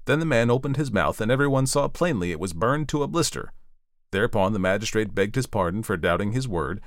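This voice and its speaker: A man telling a storybook tale in an expressive, playful way, his pitch rising and falling a lot. He slips in chatty asides to the listener. The sound is dry and close, with no room around it. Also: brisk, no room sound. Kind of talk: storybook reading aloud.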